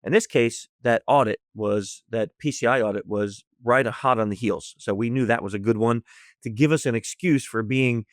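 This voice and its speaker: Animated man telling a caper story. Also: mid-range voice, moderate pace, no room sound, studio quality. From United States. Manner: lively storyteller acting out dialogue, laughs often. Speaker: guest, social engineer. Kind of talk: animated storytelling in a podcast interview.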